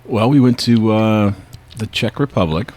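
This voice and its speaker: A man's voice: fairly low pitch, normal speed, darkish tone. A man co-hosting a podcast, chatting casually and chiming in with short reactions. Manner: reacts with short murmured interjections. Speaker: podcast co-host. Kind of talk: casual chat.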